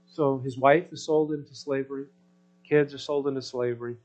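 Animated preaching man, fairly high voice. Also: moderate pace, muffled recording, soft background music. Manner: conversational preaching with frequent rhetorical questions; animated, swinging between loud emphasis and soft asides. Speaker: pastor. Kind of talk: sermon.

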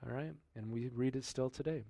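During his sermon, a man who pastors reads a scripture passage and follows it with easygoing, chatty commentary, posing rhetorical questions as he goes. He has a medium-pitched voice and keeps a brisk pace.

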